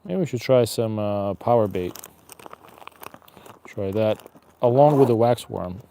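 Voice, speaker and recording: A man with a soft, warm and mellow voice talks his way through a slow fishing day, rambling and wry. He chats to himself and to passersby outdoors by an icy river. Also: fairly low pitch, a little hiss or hum. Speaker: angler streaming live. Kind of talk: casual fishing vlog chatter.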